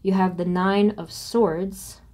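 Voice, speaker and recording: Woman doing a tarot reading, soft mellow voice, thinks out loud and pauses a lot. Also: medium pitch, fairly even intonation, a little hiss or hum. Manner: reflective, pauses to ask spirit and names cards aloud. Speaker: tarot reader. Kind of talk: solo tarot reading to camera.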